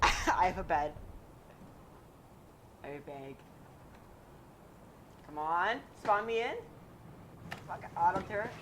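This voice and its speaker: A woman chatting casually while gaming with friends, given to whiny protests and sudden yells. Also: lowish voice, animated, slow pace, pauses often, noisy background. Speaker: gamer streaming with friends.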